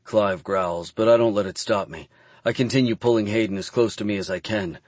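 Low-voiced man narrating a romance. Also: fairly quick, darkish tone, no echo. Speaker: audiobook narrator. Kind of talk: first-person romance narration.

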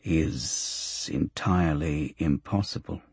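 A man voicing a slow, grave, uneasy middle-aged male minder, speaking hushed and reluctant. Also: deep voice, breathy edge, dry recording, heavily acted. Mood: tense. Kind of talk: audiobook character voice.

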